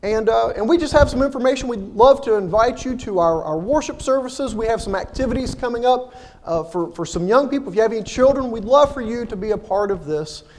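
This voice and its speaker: A man's voice: extremely high pitch, lively intonation, brisk, darkish tone. A man playing an earnest, polite church visitor. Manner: friendly, earnest, eager.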